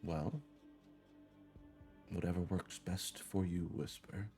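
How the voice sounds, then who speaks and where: A patient inner spirit that speaks softly and persuasively, voiced by a man running the game. His very deep voice stays hushed and close. Faint music sits behind. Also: fairly even intonation, slow pace. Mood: coaxing. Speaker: dungeon master.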